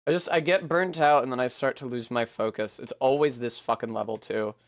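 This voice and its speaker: A man's voice: medium pitch, a little fast, no room sound, studio quality. A man rambling casually and poking fun at himself while streaming a video game, swearing now and then. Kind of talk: casual commentary while playing.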